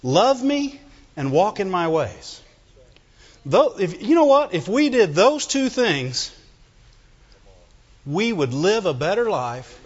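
A middle-aged man preaches a sermon in an animated, joking way, his fairly high voice rising and falling widely as he calls for amens. He talks slowly, and his voice carries a long church-hall reverb on a dull, muffled recording. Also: breathy edge. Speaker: pastor.

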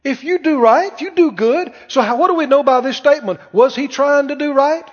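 A man preaching a sermon, animated and full of rhetorical questions to the congregation. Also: very high-pitched, fairly quick. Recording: muffled sound with long hall reverb.

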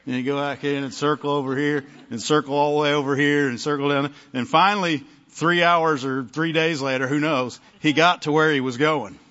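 A man's voice: a little high, fairly even intonation, fairly quick, few pauses, a bit bright, highs cut off. A male pastor preaching a conversational sermon, often asking the congregation "amen?" and "right?".

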